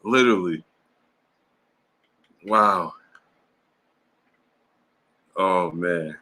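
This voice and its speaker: With a low, bright, forceful voice, a boxing livestream host reads viewers' messages in a casual style. He laughs hard, drags out his exclamations and uses playful voices for what he quotes.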